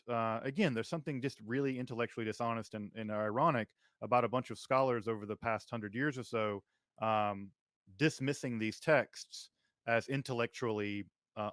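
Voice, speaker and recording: Man hosting a scholarly chat, emphatic and articulate, mid pitch, dry recording. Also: normal speed, fairly bright tone, dry recording. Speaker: podcast host. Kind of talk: academic conversation.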